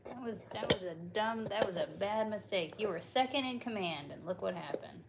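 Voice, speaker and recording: A woman's voice: mid-range voice, normal speed, creaky, background noise. A woman hosting a casual livestream, chatting, joking and talking to her chicken at home. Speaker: livestream host.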